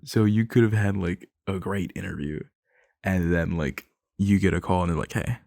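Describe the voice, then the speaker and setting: A man's voice: sits low, moderate pace, creaky, darkish tone, dry recording. A young man in an ASMR boyfriend role-play, rambling nervously, laughing and swearing as he talks into a close mic.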